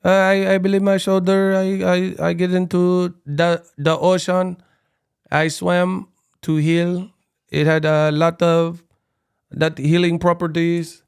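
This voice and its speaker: A man's voice: high-pitched, level tone, creaky, smooth, voice pushed up, exaggerated voice. A man mimicking a stammering boxer with excuses. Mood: sheepish. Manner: halting, stammering, repeats words. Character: mocking impression of a foreign male boxer making excuses.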